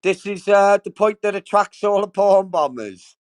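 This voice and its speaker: A man's voice: sits high, expressive, moderate pace. A man hosting a casual livestream, talking straight to his chat in a sweary, effusive, rambling way. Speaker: livestream host.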